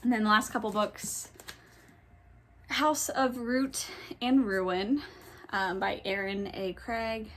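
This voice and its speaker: A woman's voice: medium pitch, fairly even intonation, slow, a bit bright. A young woman chatting casually at home in a book vlog, rambling with many ums and self-corrections, with the hiccups. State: has the hiccups. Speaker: book vlogger. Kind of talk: casual chat. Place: home, in her pajamas.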